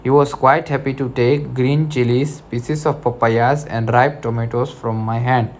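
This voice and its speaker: A man teaching an English lesson to children in Indian English, slowly repeating words and spelling them out letter by letter. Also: medium pitch, fairly even intonation, a little hiss or hum. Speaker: school teacher.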